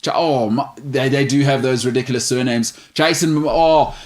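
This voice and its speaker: Male sports show host, mid-pitched, loose and joking, stumbles over odd names and holds strong opinions. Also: moderate pace, hardly any pauses. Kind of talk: casual sports chat reading viewer questions.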